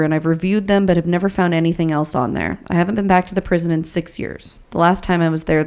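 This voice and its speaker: A woman with a fairly low voice reads a listener's ghost story on a podcast. Her delivery is a steady storytelling read, relaxed and conversational between passages. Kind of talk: story reading and casual chat.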